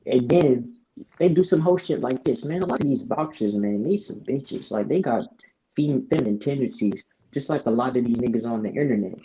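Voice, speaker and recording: A man's voice: medium pitch, lively intonation, brisk, dark tone. A man venting with frustrated, profane talk as a podcast co-host. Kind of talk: casual podcast chat. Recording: dull lo-fi audio with faint noise.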